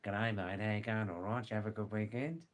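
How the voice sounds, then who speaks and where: A man putting on a broad Australian accent as a bloke greeting his mate, nasal and fast, his words running together. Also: fairly low pitch, fairly even intonation, lightly acted. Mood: hearty. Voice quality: nasal, vowels run together.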